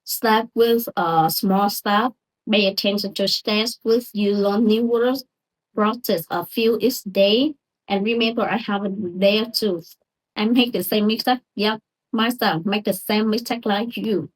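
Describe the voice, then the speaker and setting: A young woman, not a native English speaker, giving a casual lesson on English word stress, repeating words slowly and checking in with "okay?" often. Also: medium pitch, low-quality recording.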